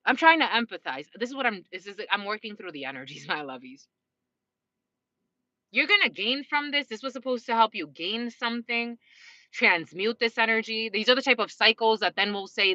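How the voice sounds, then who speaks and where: A woman with a bright, slightly high voice gives a collective tarot reading in a loose, chatty way. She swears freely and breaks into little laughs as she talks to her viewers. The recording is dry and a touch dull. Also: animated, normal speed, no echo. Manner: casual, profane, frequent laughing asides. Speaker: tarot reader.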